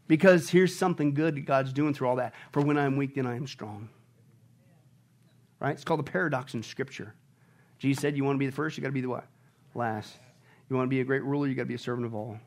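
A man preaching a sermon as pastor, asking the congregation questions and shouting with joy at high points. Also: fast, long pauses. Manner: animated preaching, shouting and laughing at peaks.

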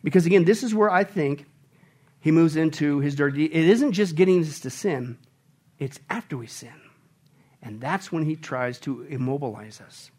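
A man delivers a sermon as pastor, his voice sitting high. He preaches emphatically, firing rhetorical questions at the congregation. He moves between quiet, intimate stretches and loud, exclaiming peaks. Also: animated, normal speed, breathy edge.

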